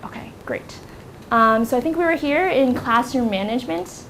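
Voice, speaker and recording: A young American woman leads a workshop class in a university classroom, delivering a casual lecture loaded with ums and likes. Her high-pitched, fairly bright voice has lively intonation and a moderate pace. A little hiss or hum runs underneath.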